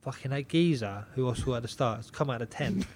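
A young man, a boxer on a podcast, telling a story in casual chat. He swears in nearly every sentence, repeats himself and keeps the telling lively. His voice sits at an ordinary middle pitch for a man. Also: fast. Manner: swears constantly, animated, repeats himself, laughs a lot. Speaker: podcast guest, pro boxer.

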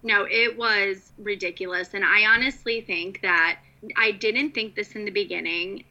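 A woman's voice: mid-range voice, steady tone, moderate pace, pushed and bright, lo-fi sound. A woman co-hosting a casual reality TV recap, blunt and opinionated.

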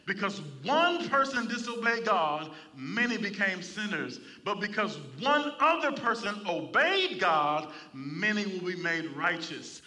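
A man's voice: high-pitched, sing-song, a little slow, few pauses, bright, forceful tone, far from the mic, soft background music. A man preaching a sermon in church, reading scripture and calling for responses from the congregation. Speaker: pastor.

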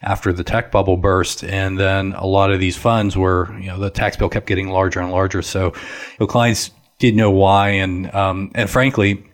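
A man in his thirties or forties hosting a finance podcast, explaining things in a loose, conversational way with frequent fillers. His voice is very low. He sounds relaxed and talkative. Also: normal speed. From Northeast Ohio. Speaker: financial advisor, podcast host. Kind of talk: casual podcast chat.

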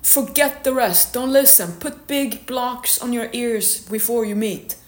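Woman fitness coach, motivational monologue, frank and blunt, slightly high voice, echoey room. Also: unhurried, a little hiss or hum. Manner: blunt, candid, swears now and then.

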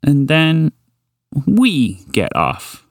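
Man doing a practical little female companion: dry, sensible and pitched up. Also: huge pitch swings, drawn-out words, dry recording, exaggerated voice. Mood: matter-of-fact.

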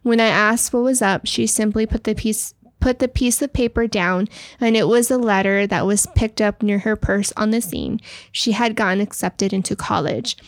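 A woman's voice: mid-range voice, normal speed, dry recording. A woman with a Texan accent co-hosting a casual podcast, reading a listener's story aloud in an emotional, heartfelt way. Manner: emotional, tearful at sad parts. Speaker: podcast co-host.

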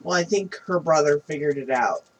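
A man's voice: on the high side, fairly quick, husky, far from the mic, low-quality recording. Man chiming in on a podcast. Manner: brief agreeing replies. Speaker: podcast co-host. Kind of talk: casual chat.

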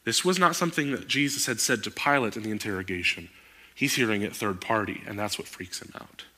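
A male pastor delivering a sermon with a bright, edgy tone. He talks animatedly and climbs into loud, emphatic outbursts. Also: on the low side, fairly quick, breathy edge.

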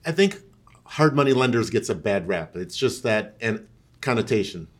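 A man's voice: lowish voice, big pitch swings, moderate pace. A man chatting casually on a podcast, telling stories and listing things as he goes. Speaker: real estate professional on a podcast.

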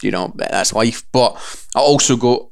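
A man's voice: medium pitch, unhurried, gravelly. A Scottish man chatting casually, telling stories and acting out other people's voices in quotes. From Scotland. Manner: animated storyteller, acts out voices in quotes. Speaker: games journalist. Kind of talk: casual chat.

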